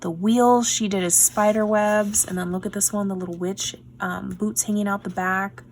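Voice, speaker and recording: A woman in her thirties talks through a craft unboxing in an easy, mid-pitched voice. She gushes and gets excited over each item, at times falling into a near whisper. A faint hiss sits under the recording. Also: normal speed. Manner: gushing, excitable, drops to soft whispers. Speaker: craft vlogger. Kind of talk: casual unboxing chat.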